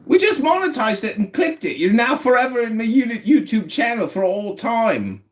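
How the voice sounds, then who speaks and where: An American man in his forties hosting a livestream, trading mocking, shouted insults in a heated argument. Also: very high-pitched, big pitch swings, normal speed. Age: 40s. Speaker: livestream host.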